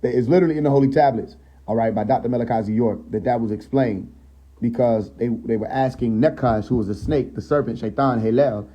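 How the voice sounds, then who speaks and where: A man hosting a casual live stream who teaches from scripture and keeps checking in with his listeners, slowing down and lifting his voice when he reads verses aloud. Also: medium pitch, mellow, rough recording. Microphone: phone.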